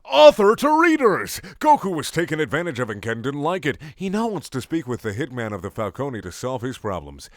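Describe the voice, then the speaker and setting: A man reading fan fiction aloud for laughs, jumping between put-on voices and sudden shouts. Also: medium pitch, animated, brisk, hardly any pauses, no room sound, studio quality. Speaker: comedic reader of fan fiction. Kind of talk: mock dramatic reading.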